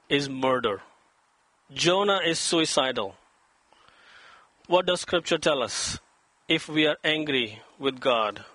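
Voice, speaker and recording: A pastor tells a story and reads scripture in his sermon, acting out quoted voices dramatically with rising pitch. His tone is bright and forceful, and the recording is dry.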